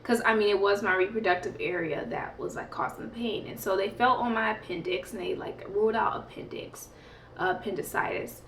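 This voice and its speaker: A woman's voice: medium pitch, brisk, fairly bright tone, slight background noise. A woman vlogger telling a story in a rambling, chatty way, full of fillers and laughs. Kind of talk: casual storytime. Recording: echoey room, mic at a distance.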